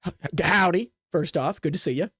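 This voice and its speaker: A woman voicing a pushy, scheming female benefactor who coaxes favors in a lowered voice. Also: normal speed, fairly bright tone, slightly rough, no room sound, clean studio sound. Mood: coaxing.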